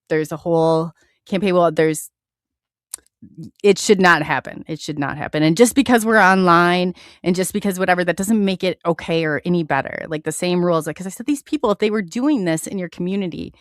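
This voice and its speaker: A woman's voice: lowish voice, no room sound, clean studio sound. A woman hosting a live online radio show, talking in an impassioned, earnest way with many restarts.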